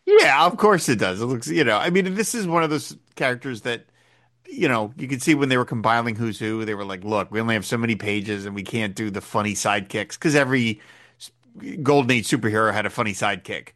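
A man's voice: mid-range voice, brisk, fairly bright tone. A man co-hosting a casual podcast chat, conversational and wry, explaining things through asides. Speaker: podcast co-host.

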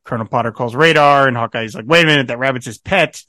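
A man's voice: medium pitch, quick pace, no echo. Chatty, laughing man with a dry sound. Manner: animated, laughing often, quoting characters. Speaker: podcast co-host. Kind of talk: casual chat recapping a TV episode.

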